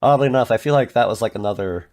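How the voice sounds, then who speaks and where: A man's voice: on the low side, very fast, a little mellow. A man streaming and chatting casually, rambling with lots of filler words and restarts. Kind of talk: casual chat.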